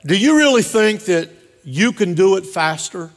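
A man with a somewhat high voice preaches in a church, hammering each point home with repeated phrases. His voice rings out with a long hall reverb around him. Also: lively intonation, moderate pace. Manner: repetitive emphatic preaching cadence. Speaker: pastor. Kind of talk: sermon with storytelling. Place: church sanctuary.

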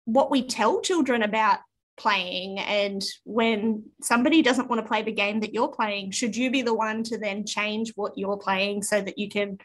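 A woman in her thirties with an Australian accent, chatting casually as a podcast co-host and telling animated stories about her kids. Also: medium pitch, moderate pace. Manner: animated storyteller, acts out her children's whiny voices. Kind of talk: casual chat.

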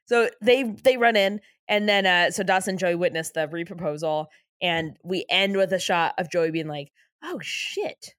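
A woman's voice: fairly low pitch, moderate pace, few pauses, a bit bright, dry recording, studio quality. A woman co-hosting a podcast, retelling episodes in a casual, laughing way. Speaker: podcast co-host. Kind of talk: casual recap chat.

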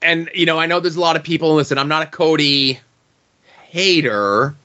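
A man's voice: on the high side, moderate pace, pushed and bright, highs cut off. A man co-hosting a wrestling podcast in casual chat, hesitant and full of fillers and restarts. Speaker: podcast co-host.

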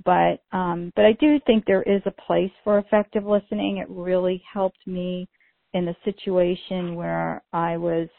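A middle-aged woman talks casually on a podcast, telling stories with many fillers. Her voice sits a little low and sounds gravelly. The recording is dry and thin, like a phone line. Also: flat delivery, measured pace, dry recording. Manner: chatty, storytelling, many "you know" fillers. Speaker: podcast co-host.

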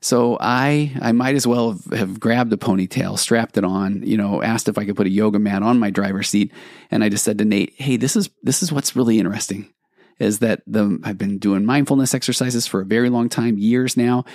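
A man's voice: lowish voice, a little fast, a little mellow, dry recording, studio quality. A man hosting a podcast, telling a personal story in a reflective, rambling way with many restarts. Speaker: podcast host, therapist. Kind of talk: storytelling monologue.

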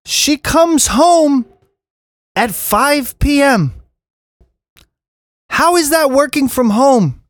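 A man's voice: very high voice, very slow, pauses often, no echo, studio quality. A man in his thirties hosting a solo podcast, ranting casually and swearing often. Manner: animated, profane, ranting. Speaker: podcast host.

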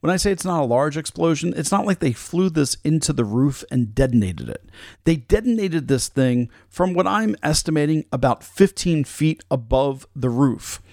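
A man's voice: on the high side, lively intonation, normal speed, darkish tone, dry recording, studio quality. A male podcast host giving casual commentary with frequent fillers.

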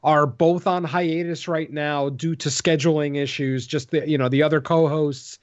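A man's voice: on the high side, steady tone, normal speed. Rambling man on a lo-fi podcast line. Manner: rambling, filler-heavy, laughs easily. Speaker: podcast co-host. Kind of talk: casual podcast chat. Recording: dull lo-fi audio.

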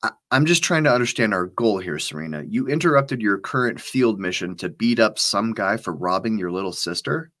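A man's voice: on the low side, expressive, brisk, a bit bright. A man voicing a nervous, nerdy male intelligence analyst who asks flustered, disbelieving questions. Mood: pressing.

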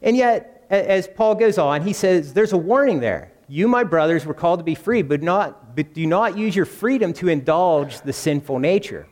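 A man's voice: high voice, animated, normal speed, hardly any pauses, a little mellow, long reverb tail. A man preaching a conversational sermon, often asking the congregation questions. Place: church.

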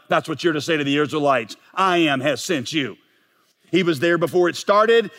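A man preaching a sermon as pastor, emphatic and building to forceful peaks. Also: sits high. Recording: long reverb of a large hall.

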